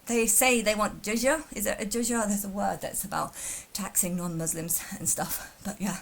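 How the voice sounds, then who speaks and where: A woman's voice: mid-range voice, steady tone, normal speed, creaky. A woman from England talking casually in a reaction vlog, rambling with frequent restarts and repeated words. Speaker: vlogger reacting to a video.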